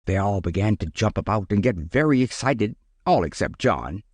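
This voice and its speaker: A man narrating a children's storybook in a lively, expressive way. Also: fairly low pitch, moderate pace, no room sound.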